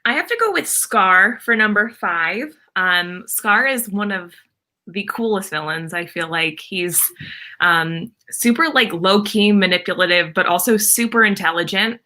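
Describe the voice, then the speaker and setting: A woman guest in a casual chat, relaxed and rambling. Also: mid-range voice, measured pace.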